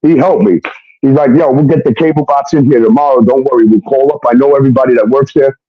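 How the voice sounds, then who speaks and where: A man's voice: mid-range voice, fast talker, no echo, narrow, tinny audio. A man telling his own story in casual talk, swearing often and acting out what others said. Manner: profane, animated retelling with quoted dialogue.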